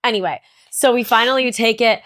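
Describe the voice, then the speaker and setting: A young woman co-hosting a podcast, telling a story in animated casual chat, full of "like" and swearing. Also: on the high side, fairly quick, dry recording, clean studio sound. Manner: animated storyteller, heavy "like" filler, frequent swearing. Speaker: podcast co-host.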